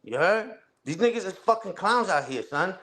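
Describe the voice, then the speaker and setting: High-voiced man ranting on a livestream. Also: expressive, moderate pace, fairly bright tone. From Puerto Rican family on mother's side. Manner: profane, trash-talking, repeats "you heard?" and "respectfully". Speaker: live streamer. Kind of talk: casual ranting livestream talk.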